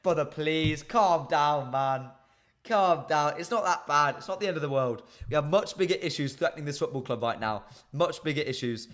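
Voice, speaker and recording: Hosting a laid-back football live stream, a man chats straight to his audience with plenty of ums. His voice sits fairly high and sounds fairly bright, with lively intonation and a moderate pace.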